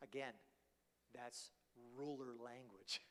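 A man's voice: medium pitch, takes it slowly, sharp tone. A man preaching a sermon in a conversational way, often checking in with "right?", his voice carried by the long reverb of a large church hall.

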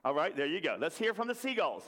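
A man gives a jokey, interactive sermon and gets the congregation to chant along. His voice sits a little high for a man. It rings out with the long reverb of a big hall. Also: sing-song, fast talker, fairly bright tone. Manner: jokey, leads the crowd in call-and-response. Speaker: preacher. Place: church hall with an audience.

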